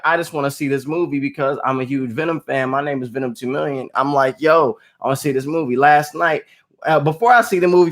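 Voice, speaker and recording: A man with a slightly higher voice gives a casual movie review to his viewers. He talks animatedly, jumping between excited outbursts and quieter, lower asides. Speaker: movie vlogger.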